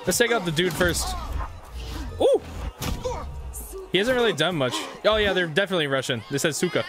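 A man reacts to his gameplay with excited whoops and joking asides. His voice sits high and swings widely in pitch. Game music plays clearly underneath. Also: normal speed. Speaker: gaming YouTuber. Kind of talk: let's play commentary.

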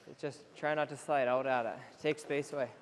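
A young man coaching a goalie on the ice, energetic and playfully teasing between drills, recorded in an indoor rink. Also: mid-range voice, brisk. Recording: echoey rink with faint noise.

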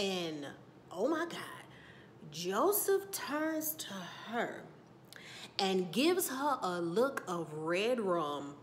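A woman's voice: medium pitch, a little hiss or hum. A woman giving a casual recap and review of a TV episode, telling it as a story and acting out the characters' lines with exclamations. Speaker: TV recap vlogger.

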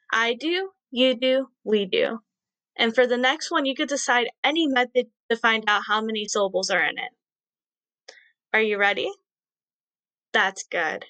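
Young woman, fairly high voice, dry close sound, encouraging teacher, sing-song praise for kids. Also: unhurried, pauses often, sharp tone, dry recording. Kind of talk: read-aloud lesson for young children.

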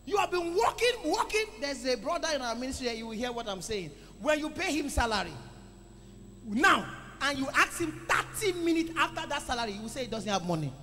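A man preaching a sermon to a congregation, calling for responses and swinging between loud exclamations and quiet asides. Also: very high voice, sing-song, a little fast. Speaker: pastor. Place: church hall. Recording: echoey church hall with music.

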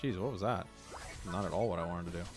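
A man's voice: low voice, fast talker, music in the background. A man giving casual, joking commentary while playing a video game, ranting at teammates. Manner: joking, animated, rants at teammates. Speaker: gaming streamer.

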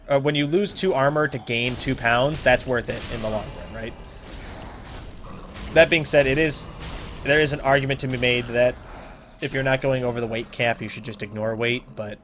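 A man's voice: mid-range voice, fairly bright tone, a little hiss or hum. A young man casually commenting on his own gameplay, rambling, joking at himself and trailing off into mumbles. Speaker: let's play host.

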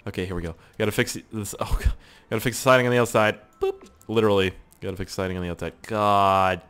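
A man's voice: on the low side, fairly even intonation, quick pace, fairly bright tone, clean tone. Joking young man narrating his gameplay. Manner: joking, swearing, talks to himself while building. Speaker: gaming video host. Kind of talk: casual gameplay commentary.

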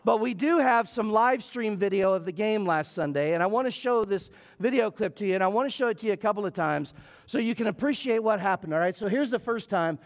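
Folksy high-voiced male pastor. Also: expressive, fairly quick. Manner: folksy, playful storytelling that builds into repetitive preaching. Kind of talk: storytelling sermon. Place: church sanctuary.

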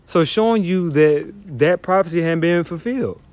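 Brief: male scripture teacher, slightly high voice, profane and scornful, reads verses then rants. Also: moderate pace, darkish tone, no room sound. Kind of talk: heated bible teaching.

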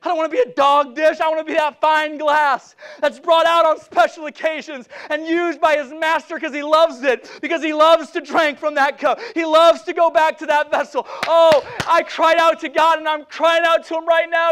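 A middle-aged man preaching an impassioned revival sermon in a church, swinging from shouts down to hushed, repeated phrases. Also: extremely high pitch, little pitch movement, moderate pace, hardly any pauses. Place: church sanctuary.

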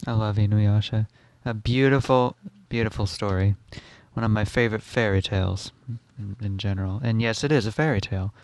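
This is a man with a fairly low voice hosting a relaxed podcast conversation. He speaks easygoingly and fondly, like he is chatting with a friend. The sound is dry and close, with no room around it. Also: a little fast, few pauses, no room sound. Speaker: podcast host. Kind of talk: casual chat.

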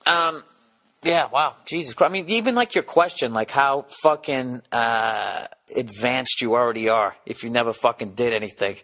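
Bright-voiced profane comedian rambling. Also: male voice, mid-range voice. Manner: profane rambling storytelling with quick restarts. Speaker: podcast host. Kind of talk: casual comedic monologue.

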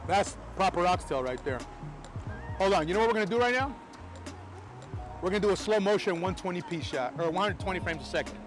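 A man from New York with a New York American accent, talking excitedly to camera in a casual vlog on a city street, swearing now and then. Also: high-pitched, a little fast, long pauses, soft background music. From New York, USA. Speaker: film photography vlogger.

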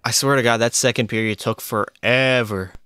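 Young guy streaming hockey, hyped and chatty, smooth clear voice, dry close mic. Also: mid-range voice, moderate pace, no room sound. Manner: excitable, talks to chat and teammates. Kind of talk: live gameplay commentary.

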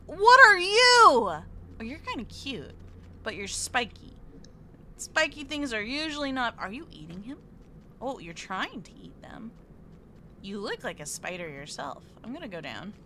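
A woman streamer with a high, bright voice gives cutesy, jittery play-by-play of a game. She often whimpers that she is scared, and her pitch swoops up and down a lot. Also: very animated, normal speed, a little hiss or hum. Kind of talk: live let's play commentary.

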